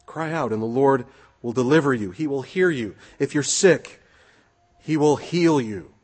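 A man with a husky, slightly breathy mid-range voice delivers a sermon. He preaches earnestly, reads scripture aloud, and drives his points home with rhetorical questions.

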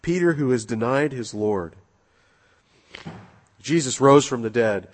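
A man's voice: mid-range voice, lively intonation, unhurried. A man preaching a sermon in an earnest way, repeating key phrases for emphasis. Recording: long echoing hall reverb.

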